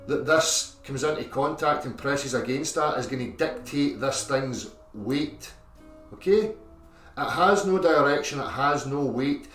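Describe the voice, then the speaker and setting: A man's voice: fairly high pitch, fairly bright tone. Man lecturing methodically, roomy echo, distant from the mic. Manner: methodical, keeps checking in with "okay?" and "right?". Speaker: video presenter. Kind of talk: explanatory lecture. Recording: echoey, distant clip with music.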